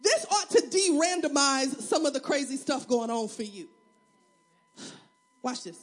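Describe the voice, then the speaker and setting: A woman pastor preaching a sermon, acting out voices in her stories and building to shouts. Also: sits high, expressive, unhurried.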